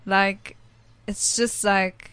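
A woman's voice: mid-range voice, level tone, extremely slow, fairly bright tone, clean tone, dry recording. A young woman, co-hosting a radio chat and recalling her first year at university. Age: young adult. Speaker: radio show co-host. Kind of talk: casual chat.

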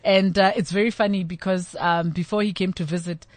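A middle-aged woman with a South African accent, chatting and telling stories in an animated way, acting out the people she quotes. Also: on the low side, fairly quick, no room sound. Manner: animated storyteller, acts out quoted voices. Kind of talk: casual chat.

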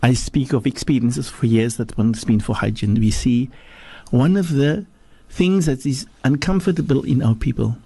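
In a radio studio, a South African sheikh gives a religious teaching on a talk show, preaching emphatically as his voice swings from low to high. He speaks at a normal speed with few pauses, his voice mellow and slightly rough, recorded without echo.

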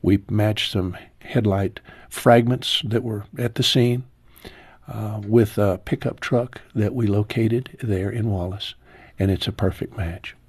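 Husky man in his sixties telling a grief story. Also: fairly even intonation, no echo. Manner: slow, heartfelt storytelling, voice dropping low and soft at painful moments. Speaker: interview guest. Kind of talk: personal testimony in an interview.

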